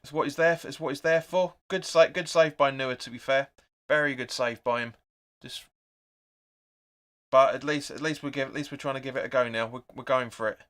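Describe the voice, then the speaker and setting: A young man hosts a live football watch-along, narrating each pass and chatting with viewers about the game. His voice is bright and forceful, pitched in a middle range. He gets loud and excited at the near chances. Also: brisk.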